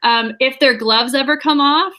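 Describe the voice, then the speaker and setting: A woman author in casual conversation, her voice bright and a touch high. She talks with bubbly enthusiasm and laughs easily. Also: normal speed, poor audio. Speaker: guest author. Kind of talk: casual chat.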